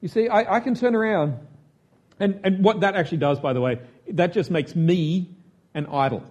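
A man's voice: high-pitched, moderate pace, a little mellow. A man preaching a conversational sermon, self-mocking and chatty, often asking his listeners questions.

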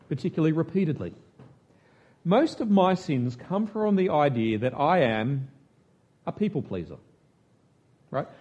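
A man's voice: a little high, warm tone, breathy edge, dull audio. A man preaching a conversational sermon, self-mocking and chatty, often asking his listeners questions.

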